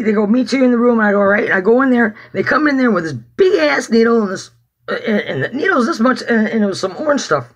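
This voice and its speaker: Husky, bright-voiced man telling a story. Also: high-pitched, muffled recording. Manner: rambling, swears freely. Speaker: activist giving testimony. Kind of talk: casual personal storytelling.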